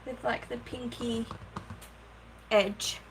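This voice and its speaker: A woman's voice: a little high, little pitch movement, takes it slowly, a little hiss or hum, rough recording. A woman hosting a casual craft livestream from her home craft room, chatting, thinking aloud and thanking viewers by name. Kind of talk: casual live-stream chat while crafting.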